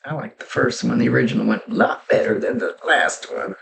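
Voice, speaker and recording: A woman working as a psychic medium who gives a spoken reading, relaying messages in a halting, conversational way and often restarting her sentences. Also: rumbling low, creaky, a little hiss or hum.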